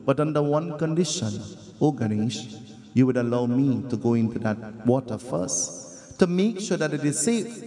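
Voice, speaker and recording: A man's voice: medium pitch, animated, moderate pace, dark tone, lightly acted. A man voicing a worried, firm goddess mother. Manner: firm, cautious. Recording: long reverb of a hall.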